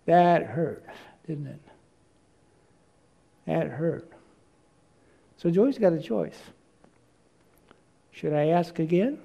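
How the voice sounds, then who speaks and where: A male preacher with a fairly high, gravelly voice and a dark, mellow tone. He preaches by telling stories and stumbles over repeated words as he looks for what to say next. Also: lively intonation, drawn-out words, pauses often, muffled recording. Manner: storytelling, repeats words when searching. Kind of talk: sermon.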